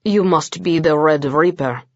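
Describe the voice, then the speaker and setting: Woman doing a measured ancient male vampire, odd foreign accent, dry dead-room lo-fi audiobook sound. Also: low voice, no echo, pitched below the performer's own voice. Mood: aloof. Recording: dull dry lo-fi recording.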